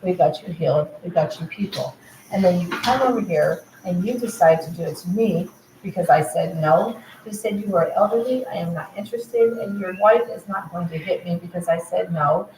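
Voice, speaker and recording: A woman's voice: lowish voice, normal speed, a little mellow. Agitated woman rambling in an echoey room. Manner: agitated, repeatedly relaying what others said. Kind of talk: rambling monologue to camera. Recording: roomy echo, faint background noise.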